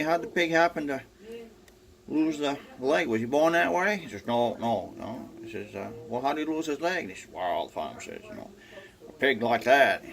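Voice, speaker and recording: A man's voice: medium pitch, vocal fry, a bit bright. An older man telling folksy farm jokes at home, rambling with lots of fillers and acting out the characters. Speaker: joke teller. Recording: faint background noise.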